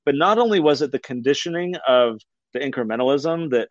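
A male author speaking as a guest in an interview, earnest and in the middle of a story. His medium-pitched voice is recorded dry and sounds slightly dull and lo-fi. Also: lively intonation, brisk, no echo. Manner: earnest, storytelling, uses fillers. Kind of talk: conversational interview.

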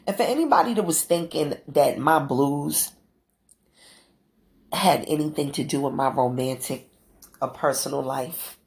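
A woman's voice: deep voice, unhurried, gravelly, pauses often, darkish tone. A middle-aged woman hosting a solo podcast, talking candidly and casually and swearing freely. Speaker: podcast host.

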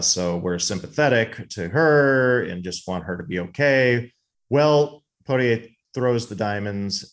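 Low-voiced man recapping a movie. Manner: relaxed, recaps plot at length. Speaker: podcast co-host. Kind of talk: casual movie podcast chat.

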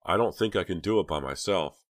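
A man's voice: low voice, a little fast, no echo, studio quality, close to an everyday voice. A man voicing an anxious teenage girl who pleads in a desperate, tearful way. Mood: pleading.

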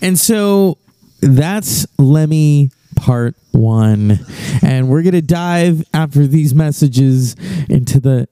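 A man hosting a podcast, talking in a musing, unhurried way. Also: fairly high pitch, animated, dark tone, clean tone. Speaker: podcast host. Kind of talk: casual podcast commentary.

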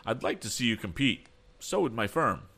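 A man's voice: medium pitch, very animated, moderate pace, creaky, bright, forceful tone, slightly rough, voice pushed up, heavily acted. A man reading an audiobook, voicing a polite, persuasive male business agent. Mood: coaxing. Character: smooth persuasive middle-aged male agent.

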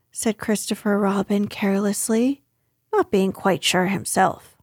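A woman reading a children's book aloud in a gentle, unhurried way. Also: medium pitch, no room sound, clean studio sound. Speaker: storyteller.

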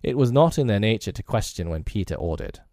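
Expressive low-voiced male storyteller. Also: a little fast, dry recording, studio quality. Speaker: narrator. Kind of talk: storybook reading.

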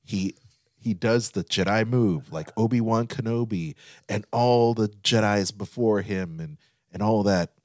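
A man in his thirties, co-hosting a chatty podcast, telling stories with excitement and acting out quotes. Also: on the low side, measured pace, dry recording, clean studio sound. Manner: excited storytelling, acts out quotes. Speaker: podcast co-host. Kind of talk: casual chat.

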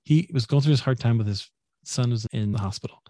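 Mellow-voiced man telling an animated story. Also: brisk, dry recording, studio quality. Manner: animated, acts out quoted speech with jumps in pitch. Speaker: podcaster and guest. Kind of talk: casual storytelling in an interview.

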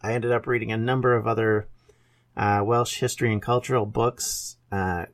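A man's voice: fairly low pitch, fairly even intonation, normal speed. A Canadian man in his fifties, hosting a podcast and talking about himself in an earnest, rambling way with self-corrections. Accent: Canadian English. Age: 50s. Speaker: podcast host. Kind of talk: casual podcast introduction.

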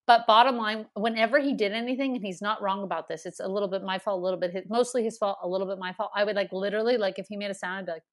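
A woman in her thirties talks casually in a mid-range voice, rattling along rapid-fire with hardly a pause. She rambles through animated stories full of fillers.

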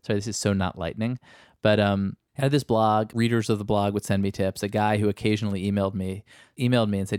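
A man's voice: on the low side, level tone, quick pace, a little mellow, clean tone, no echo, clean studio sound. A middle-aged male reporter chatting casually as a podcast guest, rambling and self-deprecating with many fillers. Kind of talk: casual interview chat.

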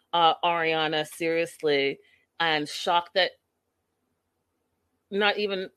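Woman ranting about last night's episode, mid pitch, lots of like and you know. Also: fairly bright tone. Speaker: reality TV recap vlogger. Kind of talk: casual episode recap.

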